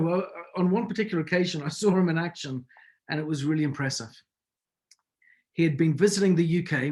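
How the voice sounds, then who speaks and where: A man giving a mentoring talk on a call, telling anecdotes in a conversational way and asking his listeners rhetorical questions. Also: fairly high pitch. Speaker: business mentor. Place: video or conference call.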